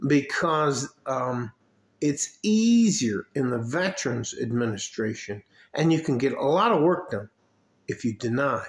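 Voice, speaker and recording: Older man, upset, heated rant, repetitive swearing, echoey room. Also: mid-range voice. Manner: heated, swearing, repeats himself. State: getting upset. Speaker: video blogger. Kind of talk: angry personal rant.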